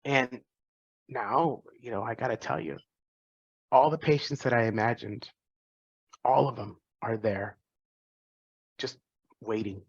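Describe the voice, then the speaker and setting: A man's voice: medium pitch, measured pace, pauses often, breathy edge, no room sound, lo-fi sound. A man in his forties, a physician giving an earnest, reflective talk to students, often restarting his phrases. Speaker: physician and guest speaker.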